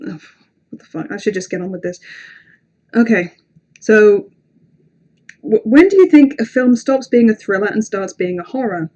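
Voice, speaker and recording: A woman hosts a relaxed livestream and talks straight to her viewers. Her speech rambles, full of fillers and restarts, with casual swearing and self-mocking asides. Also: mid-range voice. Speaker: livestream host.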